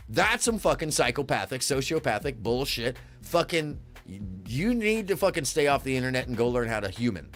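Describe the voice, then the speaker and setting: A man ranting on a livestream, indignant and full of curses. His pitch leaps up and drops all over the place, and he sounds sarcastic toward his chat. Faint music plays behind him. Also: sing-song, moderate pace, a bit bright. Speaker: livestream host. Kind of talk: heated livestream rant at chat.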